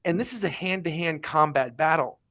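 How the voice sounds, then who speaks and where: A man with a slightly raised voice speaks on an industry panel. He is emphatic and pushes each point with lively comparisons. His tone stays conversational but insistent. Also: fairly high pitch, a little fast. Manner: emphatic, builds points with vivid analogies. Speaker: panelist, restaurant tech executive. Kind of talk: panel discussion.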